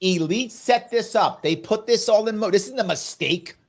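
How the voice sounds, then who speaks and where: A man's voice: high-pitched, moderate pace. A man speaking as a guest in an interview, making his points in an emphatic, persuasive way. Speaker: political guest. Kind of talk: interview conversation.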